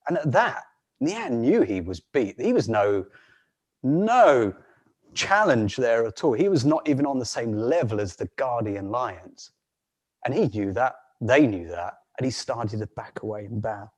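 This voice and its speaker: A man telling a folk tale on a video call in an unhurried way, with frequent restarts and soft laughs. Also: medium pitch, big pitch swings, slightly rough. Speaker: storyteller.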